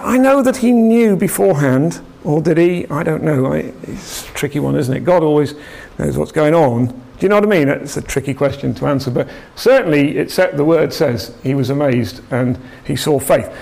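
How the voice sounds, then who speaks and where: A man's voice: a little high, animated, moderate pace, creaky, darkish tone. A man giving an informal church talk, conversational and rambling, with frequent restarts and asides to the congregation. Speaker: preacher. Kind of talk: informal sermon.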